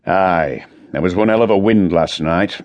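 A man's voice: sits low, moderate pace, a little mellow, highs cut off, close to an everyday voice. A man voicing a blunt, sardonic middle-aged police chief inspector, in an audiobook.

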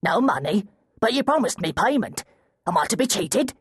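A woman voicing a frantic, whining male mountain guide with a shrill voice. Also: big pitch swings, moderate pace, a little hiss or hum, close to an everyday voice. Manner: shrill and whiny.

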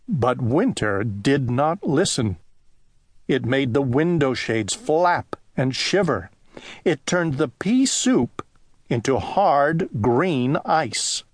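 A male narrator reads a children's story slowly and gently, his pitch rising and falling with lots of life. The recording is dry and close, with no room sound at all. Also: very animated, slightly rough, dry recording. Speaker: audiobook narrator.

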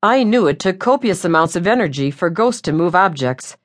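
A woman narrating a first-person audiobook in a wry, lively way. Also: fairly low pitch, a little fast.

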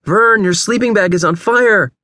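A man's voice: on the high side, lively intonation, unhurried, sharp tone, clear, resonant tone, no room sound, voice pushed up. A man voicing an anxious, earnest teenage boy camper who calls out in urgent, hissing bursts.

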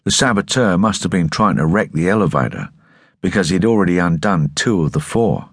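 A man's voice: low voice, lively intonation, brisk, slightly rough, dry recording, studio quality, exaggerated voice. A man voicing a stern young male revolutionary leader who speaks in a curt, accusing way.

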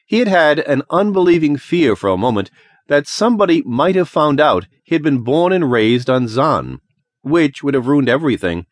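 A man reads an audiobook in an expressive, dramatic storytelling manner. His pitch moves a lot from line to line. The studio sound is close and dry. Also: no echo. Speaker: audiobook narrator. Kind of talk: scripted narration.

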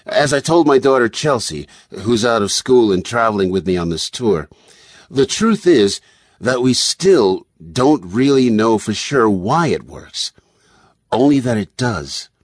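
A man voicing a calm, confident male brain surgeon who explains in a measured way. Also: medium pitch, no room sound, studio quality.

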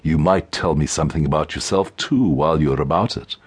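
A grave young man with a dry, deadpan wit, as a man reads him. The voice drops low and unhurried, with a husky grain. It is an audiobook character reading. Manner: slow and deadpan.

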